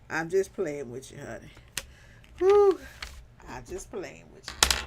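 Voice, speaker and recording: A woman's voice: low-pitched, creaky, noisy background. A woman vlogger chatting casually on a stream, teasing her viewers and breaking into big laughs. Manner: laughing hard, playful teasing, Southern slang. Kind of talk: casual livestream chat.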